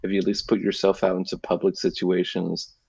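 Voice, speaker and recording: Man, thirties, low gravelly voice, blunt advice, swears, dry dull lo-fi recording. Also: monotone, fairly quick, dark tone, no echo. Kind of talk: casual chat. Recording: dull lo-fi sound.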